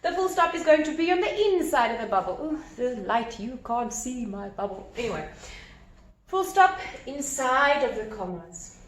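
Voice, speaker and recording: A woman teacher explaining a grammar lesson step by step, animated and repeating key points. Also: sits high, normal speed. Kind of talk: recorded grammar lesson at a whiteboard. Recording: echoey room with faint ambience.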